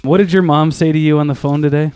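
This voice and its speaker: A man's voice: fairly high pitch, steady tone, fast, music in the background. A man co-hosting a casual hockey podcast, rambling and joking with lots of fillers. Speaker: podcast co-host. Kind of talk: casual sports chat.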